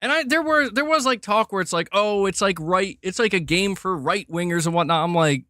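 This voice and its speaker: A man hosting a livestream, ranting in a heated, animated way and swearing freely while reading chat. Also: high voice, brisk, dry recording, clean studio sound. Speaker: streamer host. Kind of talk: casual livestream rant.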